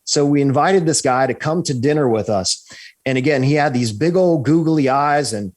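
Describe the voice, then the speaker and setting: A man, a guest on a podcast, telling a story in a lively way, often checking in with "right?" and restarting his sentences. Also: medium pitch, normal speed. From United States. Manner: animated, repeats "right?" and restarts. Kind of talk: storytelling in an interview.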